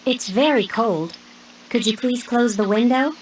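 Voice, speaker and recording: Woman reading polite textbook requester, higher voice, faint noise. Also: unhurried, lightly acted, poor audio. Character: woman asking a favor in textbook dialogue. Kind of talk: scripted textbook dialogue.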